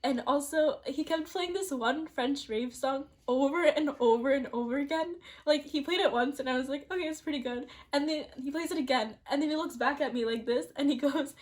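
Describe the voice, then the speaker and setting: Chatty young woman with a slightly high voice. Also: normal speed, hardly any pauses. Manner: chatty and rambling, heavy use of "like", frequent restarts; laughs often while telling the story. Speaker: vlogger. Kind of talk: storytime vlog.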